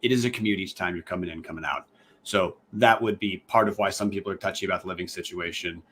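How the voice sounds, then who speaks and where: Lower-voiced man hosting a podcast. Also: fast talker, fairly bright tone, slight background noise. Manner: long, winding questions with self-corrections. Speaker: podcast co-host. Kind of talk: podcast interview.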